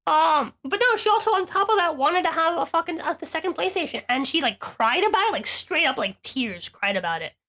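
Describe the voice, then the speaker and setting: High-pitched woman, podcast co-host, swears a lot, rants through stories. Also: expressive, a little fast, few pauses, bright, forceful tone. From Latina. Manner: profane, heated ranting storyteller. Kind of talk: casual storytelling chat.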